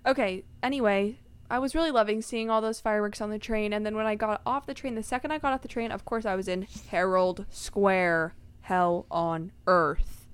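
Animated storyteller woman with a smooth voice. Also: mid-range voice, moderate pace. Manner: animated storyteller, exclaims often. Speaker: podcast co-host. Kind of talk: casual chat.

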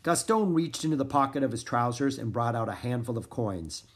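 A man narrating a children's audiobook with expressive delivery. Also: medium pitch, brisk, husky. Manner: expressive, varied intonation.

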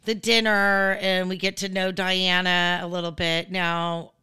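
A woman hosts a casual recap podcast with a bright, forward voice. She talks bluntly and swears now and then. She drifts into tangents before pulling herself back. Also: lowish voice, fairly even intonation, takes it slowly, few pauses, smooth. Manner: chatty, blunt and profane, goes off on tangents. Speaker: podcast host.

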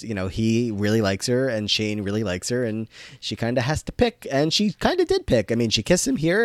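A man's voice: medium pitch, no echo. Chatty man in a dry recap chat. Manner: chatty, heavy use of "like", speeds up when excited. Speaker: podcast co-host recapping a TV episode. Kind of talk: casual chat.

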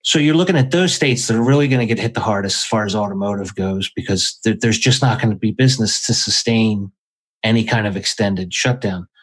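A man's voice: fairly low pitch, brisk, breathy edge, rough recording. A man, a podcast guest, explaining his views emphatically in casual chat.

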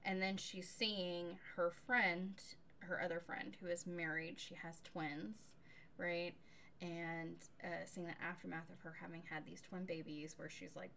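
A woman co-hosting a casual book-review podcast, recapping a novel in an animated, sarcastic way and swearing casually. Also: on the low side, a little hiss or hum. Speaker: podcast co-host.

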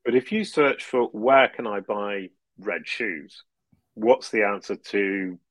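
Speaking slowly in a lowish, somewhat bright voice, a man appears as a podcast guest in a low-quality recording with no room sound. The interview chat is casual, and he explains at length in long runs, laughing frequently and restarting his phrases.

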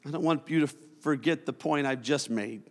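A man preaching a sermon as pastor, with impassioned delivery that swells into shouts. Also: a little high, normal speed. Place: church sanctuary. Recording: long church hall reverb.

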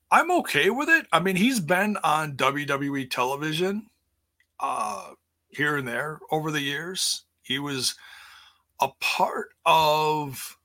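Playful, bright-voiced podcast host man. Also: a little high. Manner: playful, rambling, with many restarts. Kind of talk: casual livestream chat. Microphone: streaming setup.

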